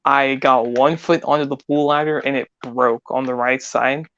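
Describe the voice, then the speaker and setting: A man's voice: mid-range voice, fairly even intonation, normal speed, fairly bright tone, clean tone. A man co-hosting a casual podcast, talking in a laid-back, easygoing way. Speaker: podcast co-host. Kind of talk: casual chat. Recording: dull lo-fi mic with faint hiss.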